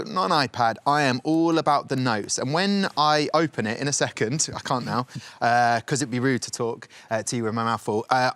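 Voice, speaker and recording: A man who commentates on esports racing, joking and excitable in casual studio banter. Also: mid-range voice, no room sound. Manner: jokey, excitable.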